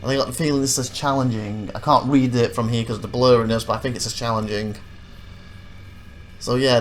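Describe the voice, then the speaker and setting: A man casually commenting over his own gameplay footage as a let's play host, rambling and correcting himself, getting animated when he retells his frustrations. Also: mid-range voice, slight background noise.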